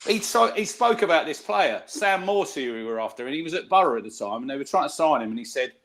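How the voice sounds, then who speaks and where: Chatty middle-aged storyteller. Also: male voice, a little high, fast talker. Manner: chatty storyteller, lively anecdotes, many fillers. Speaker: podcast co-host. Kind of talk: casual football chat.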